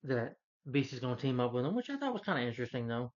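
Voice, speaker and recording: Male film reviewer, casual rambling rant, fillers and exasperation, average pitch, muffled lo-fi sound. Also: very animated, fast talker. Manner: rambling, full of "you know" fillers, exasperated.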